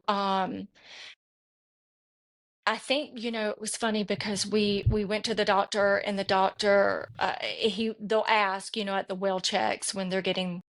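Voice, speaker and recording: Middle-aged woman, podcast guest, earnest and rambling storyteller, mid-pitched. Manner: rambling, earnest, many restarts. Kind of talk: personal storytelling in conversation.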